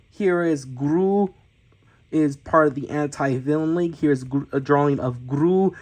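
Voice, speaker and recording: A man, an amateur cartoonist, narrating a casual tour of his sketchbook with excited gasps and cheers, often restarting his sentences. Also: a little high, low-quality recording.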